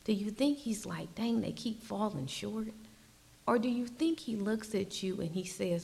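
A woman preaching a slow, earnest sermon, sometimes dropping her voice to a soft whisper. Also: medium pitch, vocal fry.

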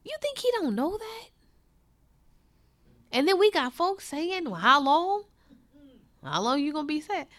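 Woman preacher, sermon, impassioned, rises loud then drops to a hush, high lively voice. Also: unhurried, pauses often. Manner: impassioned, swings from loud to hushed.

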